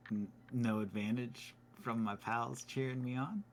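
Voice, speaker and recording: A man's voice: mid-range voice, fairly even intonation, a little slow, a little hiss or hum. A man playing a tabletop game, easygoing and jokey in casual table talk. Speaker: player.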